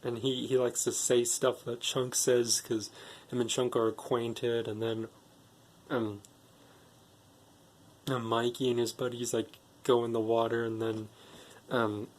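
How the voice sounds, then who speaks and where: A man with a mid-pitched voice gives a casual spoken movie recap. He rambles from one plot point to the next, chaining clauses with "and then" and "like". His tone stays plain and conversational throughout. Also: little pitch movement, measured pace, long pauses. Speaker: movie reviewer.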